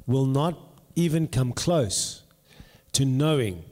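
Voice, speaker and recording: A man's voice: medium pitch, animated, takes it slowly, mellow. A man speaking in a church service, giving an earnest, emphatic testimony. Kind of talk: testimony-style church talk. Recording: long hall reverb.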